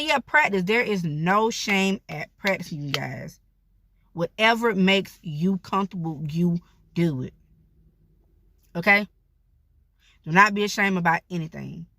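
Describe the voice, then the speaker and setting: A woman's voice: mid-range voice, pushed and bright, dry recording. A woman vlogger giving casual advice, speaking candidly and addressing her viewers directly.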